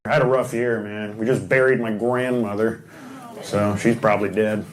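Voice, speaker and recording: A man doing crowd work as a stand-up comedian, brash and teasing, firing off quick punchlines on a club stage. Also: lowish voice, fairly even intonation. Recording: echoey club with loud crowd noise.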